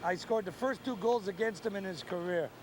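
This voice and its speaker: A man in an interview, telling stories in an animated, jovial way. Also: sits high, a little fast, music in the background. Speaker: interviewee, former player. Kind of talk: anecdotal interview.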